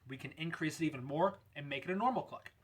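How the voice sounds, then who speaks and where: A man's voice: on the high side, fast, husky. Man teaching goose calling. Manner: relaxed, conversational, lots of "we're gonna". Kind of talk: casual instructional video.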